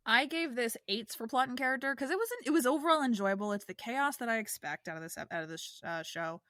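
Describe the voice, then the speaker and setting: Give me an animated woman from the New York area chatting on a podcast, dry close mic. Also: fairly high pitch, no room sound. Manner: animated, quick to laugh, many restarts. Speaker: podcast co-host. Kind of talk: casual chat.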